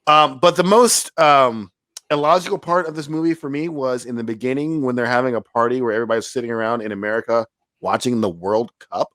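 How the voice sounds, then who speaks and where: A man's voice: medium pitch, fast talker, a bit bright, no room sound. A man co-hosting a podcast, giving a sarcastic, exasperated movie review with swearing. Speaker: podcast co-host. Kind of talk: casual movie review chat.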